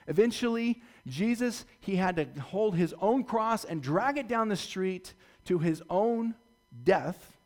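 Male pastor, slightly high voice, dramatic sermon delivery with sudden loud and quiet passages. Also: expressive, a little slow. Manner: dramatic retelling, swings from loud to hushed.

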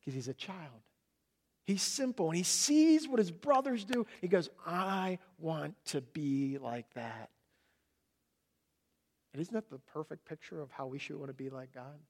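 A middle-aged male pastor giving a sermon and telling a lively family story, loudly acting out his small son's shouts. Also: sits high, brisk.

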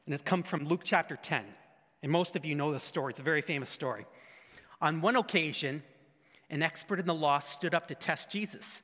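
Male preacher, bright sharp voice, animated, rhetorical questions, echoey church hall. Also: a little high, fairly quick. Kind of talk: sermon. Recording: echoey hall with long reverb.

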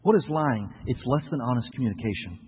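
A male pastor preaching a sermon, with emphatic swings between loud outbursts and quiet asides, rhetorical questions and playful humor. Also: medium pitch, animated, fast, breathy edge. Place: church sanctuary. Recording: echoey hall on a tinny lo-fi recording.

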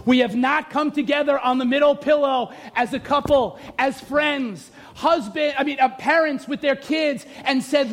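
A man preaching a sermon as pastor in a church, often shouting with humor. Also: extremely high pitch, moderate pace, few pauses.

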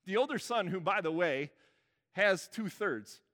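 A man's voice: sits high, expressive, a little slow, a bit bright. A man preaching a sermon in a conversational way, often checking in with the congregation. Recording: church hall reverb.

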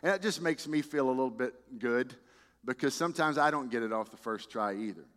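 A man's voice: mid-range voice, fairly quick. Conversational preaching man in a reverberant hall. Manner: conversational, animated preaching with repeated restarts. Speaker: pastor. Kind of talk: sermon.

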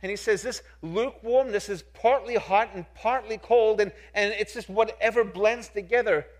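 A man preaching a sermon as pastor, emphatic and repetitive, asking rhetorical questions and swinging from soft to loud. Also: high-pitched, moderate pace.

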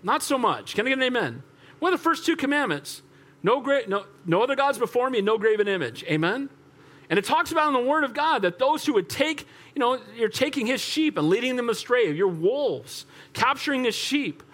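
An older man preaching a sermon as pastor, animated and rhetorical, asking the congregation for amens. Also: very high voice, fairly quick.

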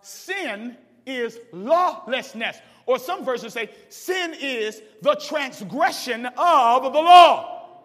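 A man preaching a sermon as pastor, swinging from quiet talk to hollering. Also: very high voice, lively intonation, slow pace. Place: church sanctuary. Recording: long reverb of a large hall.

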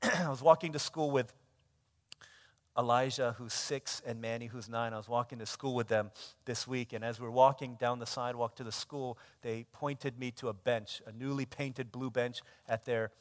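A male pastor preaching a sermon, telling stories animatedly and moving between loud and hushed. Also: medium pitch, fairly even intonation, normal speed. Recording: long hall reverb.

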